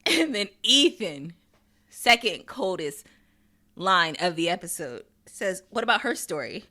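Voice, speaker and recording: A woman hosting a TV recap podcast, talking in a casual, animated and blunt way, swearing and laughing often. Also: mid-range voice, slow pace. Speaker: podcast host recapping a TV episode.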